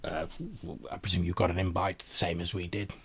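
A man's voice: deep voice, level tone, brisk, fairly bright tone, breathy edge, heavily acted. A man voicing a proud, courteous old female vampire crone who speaks formally and often repeats words. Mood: cautionary. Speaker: game master.

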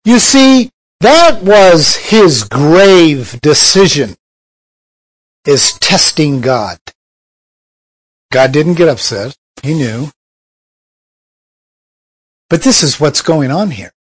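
Slow-talking conversational preacher. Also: mid-range voice, expressive, slightly rough, poor audio. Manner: conversational, rhetorical questions. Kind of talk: sermon.

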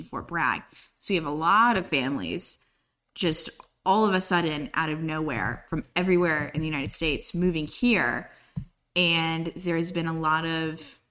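Low-voiced woman telling a story. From Colorado. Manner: lively storytelling, slipping into quoted voices. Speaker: podcast speaker. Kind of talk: casual podcast conversation.

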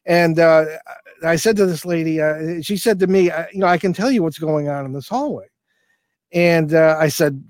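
A man's voice: fairly high pitch, normal speed, darkish tone, no echo. Older man telling a rambling ghost story. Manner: rambling, many fillers and restarts. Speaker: paranormal investigator guest. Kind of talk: storytelling in an interview.

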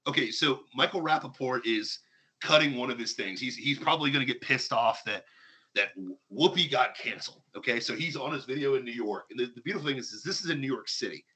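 A man's voice: mid-range voice, fast talker, pushed and bright, slightly rough. A man hosting a talk show, ranting sarcastically and with heavy emphasis. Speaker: podcast host. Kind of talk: heated opinion talk.

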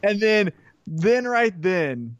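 A man's voice: high voice, very animated, takes it slowly, no echo. A man co-hosting a podcast, telling a story in casual chat and acting out the quotes in put-on voices. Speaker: podcast co-host. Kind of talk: casual chat recapping wrestling.

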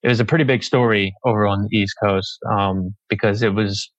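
A man's voice: on the low side, fairly even intonation, dry recording. Earnest young man, muffled audio. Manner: earnest, reflective, halting. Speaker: interview guest. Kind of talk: conversational interview.

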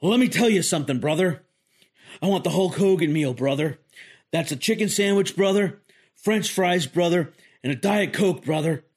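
A brash, boastful wrestler who tosses in "brother" every other word, as a man puts him on. The voice sits a little above the host's own, with a slightly higher pitch. It is a loose, casual impression done on a solo podcast. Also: lively intonation, normal speed, a little mellow, husky.

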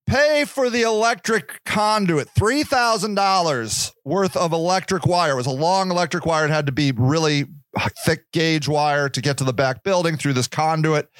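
A man's voice: sits high, fairly bright tone, smooth, no room sound. A man hosting a podcast, telling a story in a rambling, casual monologue, swearing freely and stumbling over repeated words. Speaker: podcast host.

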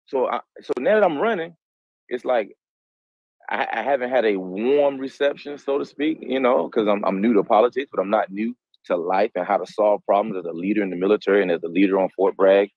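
Caller, 40s man with North Carolina accent, lowish voice, dull dry line. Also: a little fast, no echo. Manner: earnest, self-promoting. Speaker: caller, political candidate. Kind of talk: casual call-in talk.

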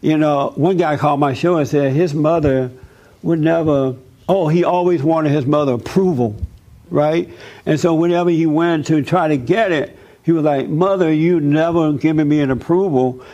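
A man's voice: on the high side, fairly even intonation, moderate pace, dark tone, muffled recording. A man preaching and answering audience questions, stressing points by repeating words over and over. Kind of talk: sermon-style Q&A answers.

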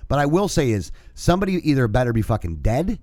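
A man's voice: mid-range voice, big pitch swings, quick pace, darkish tone, no room sound. A man telling a long profane rant about air travel in casual podcast chat. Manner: profane ranting storyteller. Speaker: podcast co-host.

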